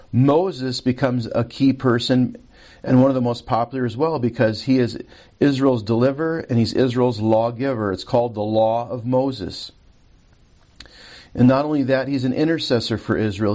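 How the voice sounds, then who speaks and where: A man's voice: mid-range voice, fairly even intonation, moderate pace, mellow, highs cut off. A man teaching a recorded Bible lesson from a handout, reading scripture aloud and checking his notes as he goes.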